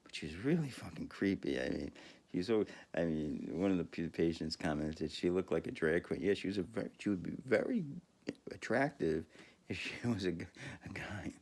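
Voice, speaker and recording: A man's voice: sits low, lively intonation, brisk, creaky, a little mellow. A man podcaster telling a rambling, profane story in a casual monologue, full of fillers and laughing at himself.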